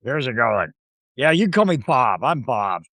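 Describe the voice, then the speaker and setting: A man voicing a heavy-set male imp with a gruff, put-upon attitude. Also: mid-range voice, very animated, moderate pace, fairly bright tone, no room sound, studio quality, pitched above the performer's own voice. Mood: grumbling.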